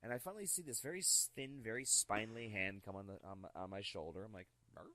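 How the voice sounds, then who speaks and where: A man telling stories in a casual podcast chat, animated and acting out the voices of the people in them. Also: lowish voice, fast, no echo. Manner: animated, acts out quoted voices. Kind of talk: casual storytelling.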